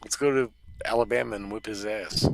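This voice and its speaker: A man hosting a live prank call show, bantering loudly and stammering for laughs. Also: fairly low pitch, fairly even intonation, fairly quick, gravelly, slight background noise. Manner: loud, joking, stammers for comic effect. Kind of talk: casual banter.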